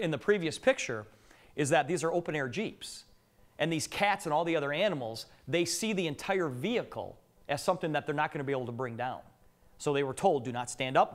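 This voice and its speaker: A middle-aged man with a fairly high voice speaks to a live audience in a meeting room. He tells joking stories and keeps asking the crowd questions. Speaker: business presenter. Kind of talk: live business presentation with anecdotes.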